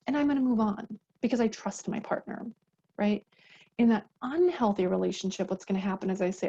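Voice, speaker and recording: A woman's voice: mid-range voice, quick pace, dark tone, husky, lo-fi sound. A woman advocate giving an educational talk on unhealthy relationships, speaking conversationally, often ending a point with a tag question and acting out example dialogues. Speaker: domestic violence advocate.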